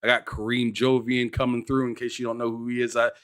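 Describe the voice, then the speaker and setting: A man's voice: mid-range voice, quick pace, clear, resonant tone, dry recording. Slangy male gaming co-host, dry sound. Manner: loose and slangy, repeats words when excited. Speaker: co-host of a gaming news show. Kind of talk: casual chat.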